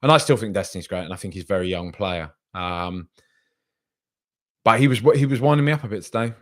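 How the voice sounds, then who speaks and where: A man's voice: lowish voice, lively intonation, brisk. A man hosting a casual podcast stream. He reads out viewer comments and rambles with hesitations, then argues back in an exasperated way. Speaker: podcast host.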